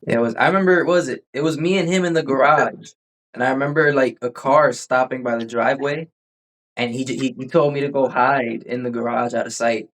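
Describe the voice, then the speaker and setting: A podcast host chats casually, his medium-pitched voice steady, fairly bright, and a little fast. He tells rambling stories and keeps restarting them.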